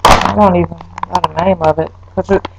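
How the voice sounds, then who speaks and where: A young woman vlogging a wig review, talking straight to her viewers, swearing and exasperated, her voice jumping up high when upset. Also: steady tone, moderate pace, gravelly, muffled recording, heavy background noise. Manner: pitch leaps when upset. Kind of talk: casual vlog, ranting.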